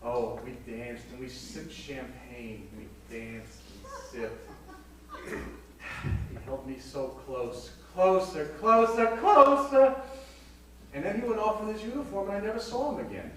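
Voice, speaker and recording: A man's voice: medium pitch, expressive, moderate pace, a little mellow, close to an everyday voice. A man doing a bawdy aging dame on stage. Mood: sly. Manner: punchline-driven, teasing the audience. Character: bawdy aging woman telling racy stories. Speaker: vaudeville comedian. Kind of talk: live stage comedy monologue in character. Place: small theater stage. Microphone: far camera in the house. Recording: echoey hall from far off, noisy. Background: audience laughter.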